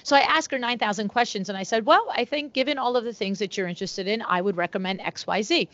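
A middle-aged woman tells a story with lots of energy and acts out the voices of the people in it. Her voice sits a little high. The sound is dry and slightly muffled. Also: fast, dry recording. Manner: animated storyteller who acts out both sides of conversations. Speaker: podcast guest, window treatment business owner. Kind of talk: casual storytelling interview.

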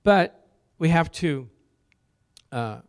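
Animated pastor man preaching. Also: fairly high pitch, very slow, clear, resonant tone. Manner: storytelling, asks the congregation questions. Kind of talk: sermon.

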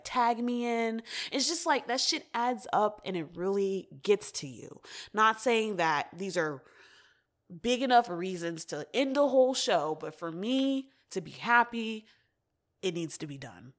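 A young woman hosting her own podcast, talking candidly and casually, with frequent swearing. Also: medium pitch. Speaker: podcast host. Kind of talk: casual solo podcast talk.

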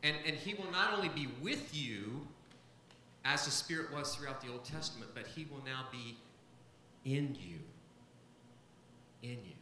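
Bright-voiced man preaching a sermon. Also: mid-range voice, lively intonation, normal speed, pauses often, roomy sound, a little hiss or hum, low-quality recording. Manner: emphatic, repeats key phrases. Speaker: pastor.

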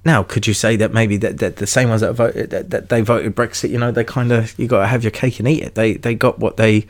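A man's voice: fairly low pitch, level tone, fairly quick. A young man from London with a London accent, talking casually and at length on his podcast, rambling with many restarts and swearing freely. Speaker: podcast host. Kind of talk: casual solo podcast monologue.

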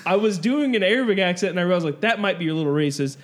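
A man's voice: high-pitched, racing. A young man from Southern California telling a rambling story in casual chat, acting out the voices of the people in it. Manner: rambling, animated storyteller, acts out quoted voices.

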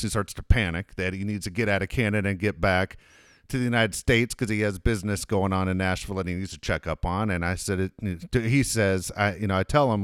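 A man's voice: fairly low pitch, steady tone, fairly quick, clean tone, no room sound, clean studio sound. A man in casual chat, telling a long, profane family anecdote in a rambling way.

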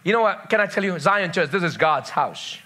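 A pastor preaches to his congregation, driving points home by repeating them and calling for responses. His voice sits high for a man and rings bright and forceful. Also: lively intonation, fairly quick. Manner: emphatic preaching with repeated phrases. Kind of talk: sermon.

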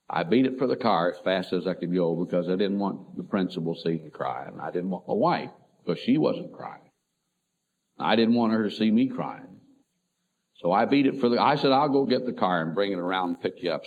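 A middle-aged man, a pastor, telling an emotional personal story in a sermon, swinging between loud and soft. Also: low-pitched, slight background noise. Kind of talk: sermon testimony. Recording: tinny phone-like lo-fi recording.

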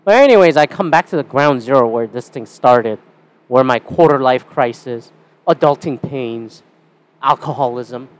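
A man's voice: medium pitch, moderate pace. A young Canadian man hosting a casual solo podcast, rambling and swearing with a sarcastic edge. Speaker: podcast host.

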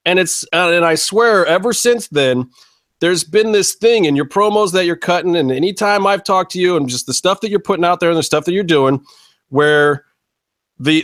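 A man's voice: on the high side, a bit bright, no room sound. A man hosting a casual interview, asking rambling, blunt questions with some swearing. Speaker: podcast host. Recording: dry close sound.

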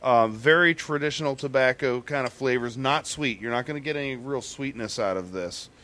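A man in relaxed conversation who explains pipe tobaccos in detail. He talks with plenty of ums and restarts while he searches for the right description, and his voice sits at an ordinary middle pitch. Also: fairly quick. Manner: knowledgeable, explains with many fillers and restarts. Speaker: pipe tobacco guest expert. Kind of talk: casual chat.

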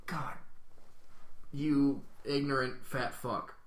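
A man's voice: medium pitch, fairly even intonation, drawn-out words, echoey room. A man co-hosting a podcast, teasing and joking in casual banter. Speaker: podcast co-host.

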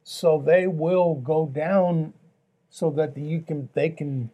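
A man's voice: a little high, slow, lo-fi sound. A man, a pastor, talking earnestly on a faith talk show, with a preaching tone and repeated phrases.

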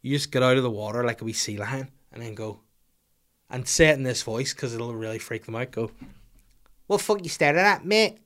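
A man's voice: mid-range voice, steady tone, fairly quick, fairly bright tone. A man hosting a casual podcast, answering listener questions in a rambling, profane, jokey way. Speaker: podcast host.

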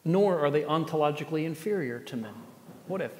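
A man's voice: on the high side, animated, a little fast, slight background noise. Earnest male pastor in an echoey hall. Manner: earnest, with pointed rhetorical questions and dry sarcasm. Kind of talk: sermon. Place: church gathering space. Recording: echoey hall, long reverb.

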